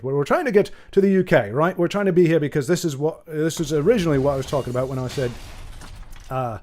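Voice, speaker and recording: A man's voice: mid-range voice, a little mellow. A man hosting a livestream, talking in a rambling, playful, self-correcting way to his chat. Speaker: streamer host.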